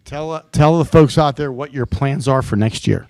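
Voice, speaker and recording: A man's voice: mid-range voice, moderate pace, darkish tone, no echo. A man interviewing students on camera in an upbeat, encouraging way. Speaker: prom interviewer.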